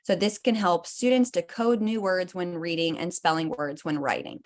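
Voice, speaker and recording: A woman presenting at a conference, explaining teaching terms in a clear, steady way. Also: on the low side, moderate pace. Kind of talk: presentation talk.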